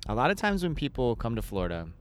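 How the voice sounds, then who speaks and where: A man hosting a casual podcast interview, relaxed and loose, with halting restarts and casual swearing. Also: medium pitch, clear, resonant tone. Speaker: podcast host.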